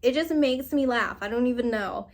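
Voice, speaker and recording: A woman with a slightly high voice reads tarot cards in a loose, chatty way. She rambles and circles back to her points, encourages the listener warmly through her words and keeps laughing as she goes. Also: lively intonation, moderate pace. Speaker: tarot reader. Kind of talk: casual spiritual card reading.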